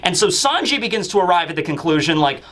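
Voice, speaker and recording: A man's voice: high-pitched, big pitch swings, quick pace, fairly bright tone. A man casually retelling a manga chapter, rambling and full of fillers. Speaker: manga reviewer, channel host. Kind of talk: casual recap commentary.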